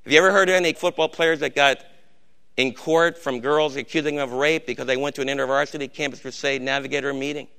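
An older man with a gray beard preaching a sermon, urging his congregation and swinging between hushed warnings and shouted exhortation. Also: mid-range voice, fairly even intonation, quick pace, clear, resonant tone. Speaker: pastor.

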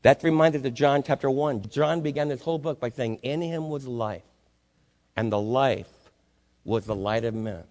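A man's voice: mid-range voice, normal speed, a little mellow. A male pastor preaching a sermon, asking the congregation rhetorical questions with rising intensity. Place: church sanctuary. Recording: long reverb in a church hall.

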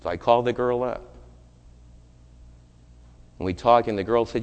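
A man who is a pastor delivering a sermon, moving from loud, urgent preaching to hushed, low storytelling. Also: moderate pace, long pauses, clean tone, long reverb tail.

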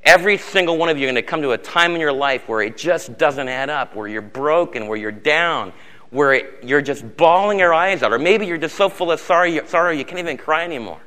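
A middle-aged man preaches a sermon from the pulpit, swinging between hushed tenderness and loud, insistent emphasis. His voice is bright and a little high for a man. The sound carries a long reverb from the large church hall around him. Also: expressive, a little fast. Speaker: pastor. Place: church sanctuary.

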